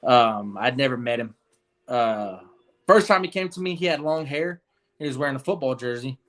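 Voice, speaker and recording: A man's voice: mid-range voice, animated, moderate pace, fairly bright tone. A young man telling his story in a casual interview, earnest and rambling, with many fillers and restarts. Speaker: guest.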